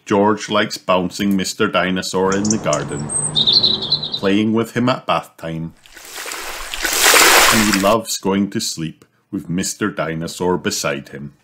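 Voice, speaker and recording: A man reading a children's storybook aloud, in a slow, expressive, sing-song way. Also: low voice, heavy background noise. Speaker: storybook reader.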